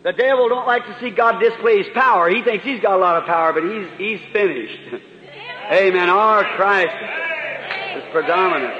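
A man's voice: high voice, normal speed. A man preaching a sermon, telling folksy stories and exclaiming fervently. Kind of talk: sermon with testimony. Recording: lo-fi echoey hall recording.

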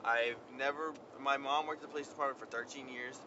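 A young man chatting casually as he tells a story outdoors on a windy day, animated and slangy. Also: medium pitch, fast. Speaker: vlogger. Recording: lo-fi outdoor recording with traffic noise. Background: wind and passing traffic.

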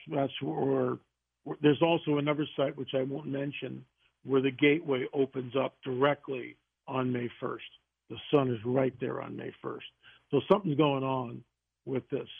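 A man, a guest author on a radio interview, telling stories in an animated way with quick restarts. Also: mid-range voice, vocal fry, husky. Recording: tinny phone line.

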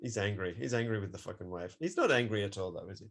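A man's voice: fairly low pitch, lively intonation, quick pace, fairly bright tone. A man co-hosting a podcast in casual chat, swearing freely and laughing often. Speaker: podcast co-host.

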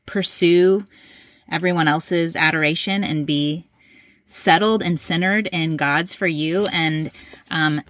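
Low-voiced woman podcast host. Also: steady tone. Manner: warm listener, quick to laugh and affirm. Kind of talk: casual chat.

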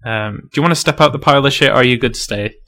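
Bright-voiced man running a tabletop game. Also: mid-range voice, very fast. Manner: relaxed, filler-heavy, laughs often. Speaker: game master.

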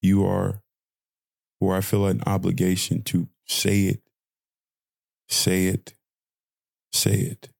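A man's voice: deep voice, monotone, takes it slowly, creaky, long pauses, darkish tone, no echo. A young man hosting a podcast, delivering an impassioned audio-diary rant with lots of repeated phrasing. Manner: impassioned ranting, repetitive phrasing. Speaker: podcast host.

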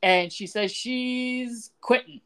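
On a laid-back podcast she co-hosts, a woman recaps a TV soap, laughing as she performs the characters' lines with real animation. Her voice is slightly high, clear and resonant, and she speaks at an unhurried pace.

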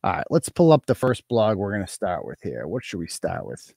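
A man's voice: deep voice, wildly swooping pitch, a little fast, vocal fry, a little mellow, slightly rough, no room sound. A man hosting a casual livestream, talking in a crude, mocking, profane way. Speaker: host.

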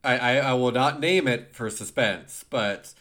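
A man's voice: medium pitch, measured pace, sharp tone. A man co-hosting a music podcast, talking casually with frequent laughter and repeated words. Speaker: podcast co-host. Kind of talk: casual chat.

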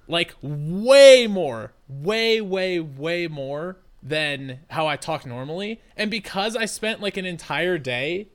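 A young man co-hosting a casual chat, animated and laughing, slipping into a mock Southern drawl. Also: fairly high pitch, takes it slowly, few pauses. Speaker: podcast co-host.

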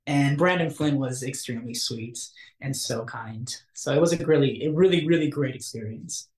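A young man, an actor, telling a story in a casual interview, animated and acting out the quotes. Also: normal speed. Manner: animated, acts out quotes with big pitch jumps. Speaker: actor guest. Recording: roomy echo.

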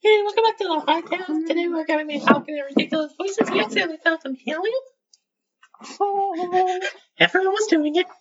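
A squeaky chipmunk host. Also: male voice, moderate pace, long pauses, a bit bright, muffled recording. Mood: mock-cheerful. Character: squeaky pitched-up podcast host, giddy. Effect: pitch-shifted squeaky voice filter.

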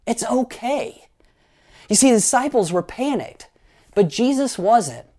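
Guy pastor preaching, animated, jokey asides, gets the crowd doing stuff. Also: high voice, moderate pace. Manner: animated storyteller, playful asides, leads the congregation in actions. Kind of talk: sermon.

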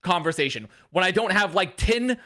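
A man's voice: high voice, lively intonation, normal speed, pushed and bright. A man co-hosting a casual esports panel chat, ranting animatedly with profanity and mocking impressions. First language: English. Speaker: podcast co-host.

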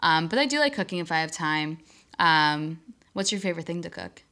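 Low-voiced, bright young woman swearing casually. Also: fairly quick. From Buffalo, New York, USA. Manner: relaxed, filler-heavy, swears freely. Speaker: podcast co-host. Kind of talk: casual chat.

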